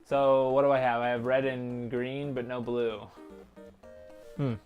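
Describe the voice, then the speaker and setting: A man talking his way through a soldering job on a live stream. He mutters and thinks aloud in a quiet, offhand voice, half to himself and half to the chat. Now and then he drops a dry, jokey aside. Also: mid-range voice, little pitch movement, unhurried, narrow, tinny audio, faint music behind. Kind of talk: casual live-stream commentary while soldering.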